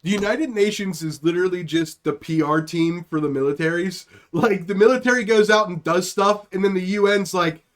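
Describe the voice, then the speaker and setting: Young male comedy podcast host, high voice, riffs loosely and acts out bits. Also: brisk, hardly any pauses. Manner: riffing, acts out silly bits with put-on voices. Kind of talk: casual comedic chat.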